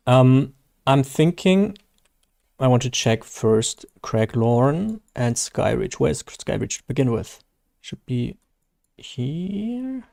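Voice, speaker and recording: A man's voice: mid-range voice, vocal fry, darkish tone, no echo, clean studio sound. A man from Germany with a German accent, hosting a casual live gaming stream, hesitant and self-deprecating with many fillers and restarts.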